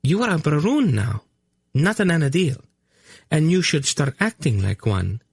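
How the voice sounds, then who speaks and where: A man's voice: a little high, very animated, measured pace, gravelly, breathy edge, no room sound, clean studio sound, pitched above the performer's own voice, heavily acted. A man voicing a prim, teasing young noblewoman. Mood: coy arch.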